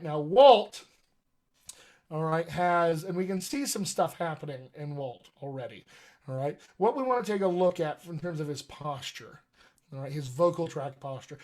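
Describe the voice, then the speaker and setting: A man's voice: fairly high pitch, a little mellow. A man coaching actors on accents in a live-streamed lesson, explaining step by step and often checking in with "all right?". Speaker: dialect coach. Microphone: webcam live stream.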